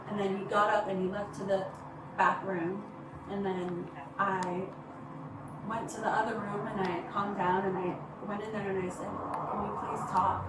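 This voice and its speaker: A woman recounting an incident to police, halting and rambling with many fillers. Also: medium pitch, flat delivery. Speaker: complainant reporting to police. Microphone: body-worn camera. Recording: echoey, distant, noisy bodycam audio.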